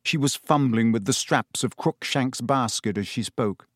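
A man narrating an audiobook with expressive storytelling. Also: mid-range voice, moderate pace, no echo, studio quality. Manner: expressive storytelling with character voices. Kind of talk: scripted narration.

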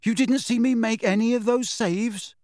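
A man reading aloud, voicing an excitable, easily rattled teenage schoolboy with an animated way of talking. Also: extremely high pitch, normal speed, no room sound, clean studio sound, pitched above the performer's own voice.

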